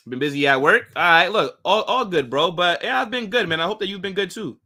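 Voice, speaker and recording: Bright-voiced young American man, slangy. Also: sits high, expressive, brisk, hardly any pauses. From United States. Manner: casual slangy talk full of "bro", "like" and "right?". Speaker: football channel host. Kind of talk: casual live-stream chat reading viewer comments.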